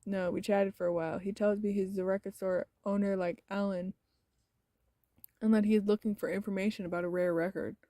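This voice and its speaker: A woman voicing a friendly middle-aged male Greek restaurant owner with a Greek accent, speaking softly and easily in a game. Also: mid-range voice, flat delivery, a little fast, dry recording, close to an everyday voice.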